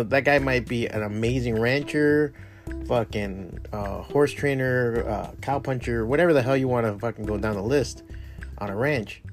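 Brief: male host, casual motivational rant, profane and rambling, mid-pitched, faint guitar underneath. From Cuban family roots. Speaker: podcast host giving a pep talk.

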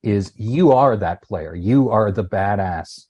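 A man's voice: on the low side, lively intonation, takes it slowly, darkish tone, breathy edge. A man in his fifties, a voice actor, talking passionately in an interview and searching for words. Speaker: voice actor guest. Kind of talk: conversational interview chat.

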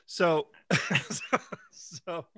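A man's voice: fairly high pitch, drawn-out words, fairly bright tone. A man co-hosting a comedy podcast, telling a story in casual chat with a self-deprecating, laughing manner. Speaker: podcast co-host.

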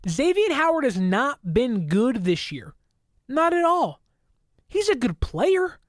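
Animated woman ranting about sports. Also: high-pitched, takes it slowly, no echo, clean studio sound. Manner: animated, indignant, mocking quotes. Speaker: sports commentator. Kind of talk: opinionated sports talk to camera.

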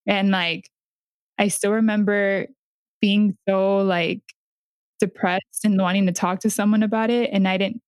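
A woman hosting a podcast, speaking in a soft-spoken, thoughtful way during a reflective conversation. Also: medium pitch, no room sound, studio quality. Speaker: podcast host.

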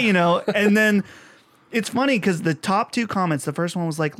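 High-voiced joking podcast host, a man. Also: moderate pace, dry recording. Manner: lively, jokey, mimics others in a put-on friendly voice. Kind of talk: casual chat.

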